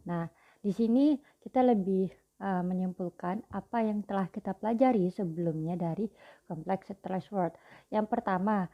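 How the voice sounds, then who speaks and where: A young woman giving a student class presentation in a measured, explanatory way. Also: mid-range voice. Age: young adult. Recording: dull lo-fi recording.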